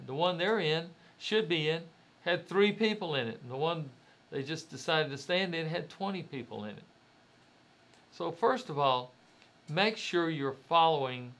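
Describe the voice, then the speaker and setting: Male motivational speaker, slightly higher voice; direct, conversational, leans on rhetorical questions. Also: fairly bright tone. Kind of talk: motivational talk.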